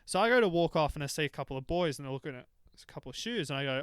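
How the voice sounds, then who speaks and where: Smooth-voiced man chatting. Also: on the high side, racing, dry recording. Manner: animated storytelling. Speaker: podcast co-host. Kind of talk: casual chat.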